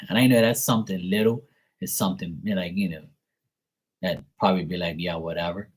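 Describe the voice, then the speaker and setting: A man's voice: deep voice, fairly quick, slightly rough, low-quality recording. A man hosting a tarot reading live stream, telling profane, chatty anecdotes. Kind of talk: casual live-stream storytelling.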